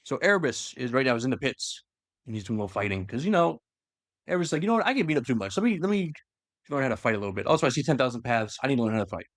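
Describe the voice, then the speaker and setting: A man's voice: mid-range voice, rapid-fire, dry recording, studio quality. A man casually retelling a long story to a co-host, acting out the lines with lots of fillers. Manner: animated, acts out quotes, frequent fillers. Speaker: podcast host retelling lore.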